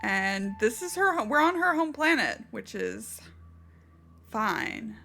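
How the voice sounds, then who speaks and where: A woman's voice: on the high side, very animated, takes it slowly, creaky, bright, forceful tone. A woman player and co-host introducing herself in casual chat, dry and joking.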